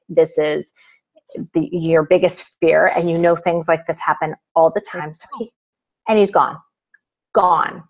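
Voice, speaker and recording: A woman's voice: low-pitched, poor audio. A middle-aged woman, an author guest in a live video interview, telling a personal story with lots of quoted dialogue.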